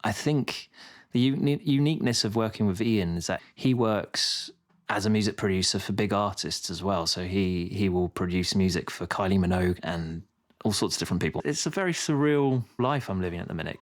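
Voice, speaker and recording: A man's voice: low-pitched, a little fast. A man, a guest composer raised in France, talking reflectively in a casual podcast chat with light laughs.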